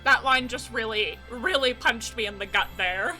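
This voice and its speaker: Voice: mid-range voice, moderate pace, pushed and bright, faint music behind. A young adult streamer chatting live with viewers while playing a game, effusive and talkative.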